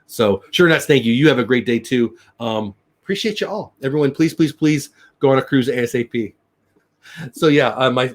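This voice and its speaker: A middle-aged man hosting a daily live news show, rambling upbeat chat and thanking viewers by name. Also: medium pitch. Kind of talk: casual live-stream chat.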